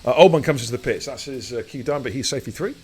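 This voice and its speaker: A middle-aged man commentating a live online race, his voice sitting in a middle pitch. He swings into loud, excited hype and teasing banter with the chat between calls of the action. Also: rapid-fire, faint music behind. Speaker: sim racing commentator and stream host.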